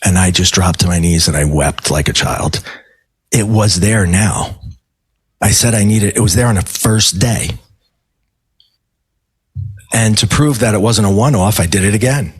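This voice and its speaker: A man's voice: lowish voice, a little slow, pauses often, slightly rough, no echo. A middle-aged man, a life coach and podcast guest, telling a personal story emphatically and acting out his own quoted words. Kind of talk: storytelling in a casual interview.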